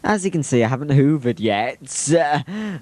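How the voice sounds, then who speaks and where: A man's voice: a little high, big pitch swings, moderate pace, a little mellow, dry recording. Cheeky man teasing over home videos. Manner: cheeky, teasing, chuckling asides.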